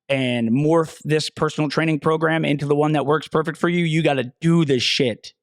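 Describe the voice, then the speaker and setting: A man's voice: a little high, no room sound, clean studio sound. A man hosting a podcast, a personal trainer ranting bluntly and profanely with lots of fillers. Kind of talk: profane solo rant.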